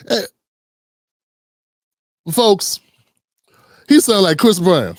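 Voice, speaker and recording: A man's voice: high voice, lively intonation, normal speed, no echo, clean studio sound. A man hosting a reaction commentary show, blunt and sarcastic, talking straight to his viewers. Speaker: commentary host.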